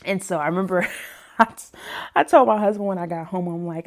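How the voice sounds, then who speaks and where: Animated woman telling a story, low-pitched. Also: fairly quick. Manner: animated, laughs often, acts out other people's lines in a higher voice. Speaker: plant-based personal chef and vlog host. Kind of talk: casual storytelling to camera.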